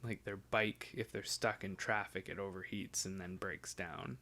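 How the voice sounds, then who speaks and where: A man's voice: low-pitched, fairly even intonation, normal speed, bright, forceful tone. Man, young adult, laid-back, casual chat, swears offhandedly. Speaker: podcast host.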